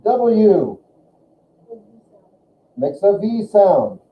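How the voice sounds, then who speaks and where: Guy teaching a class, kinda high voice, tinny echoey room sound. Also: very animated, drawn-out words. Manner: chatty, searching for words, repeats sounds for students. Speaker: German teacher. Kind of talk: classroom lesson.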